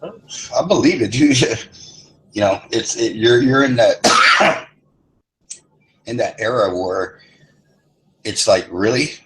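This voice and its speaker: A man's voice: mid-range voice, animated, slow pace, long pauses, fairly bright tone, rough recording. A middle-aged man chatting casually, telling rambling stories with a lot of swearing. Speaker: lobby chat participant. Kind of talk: casual chat.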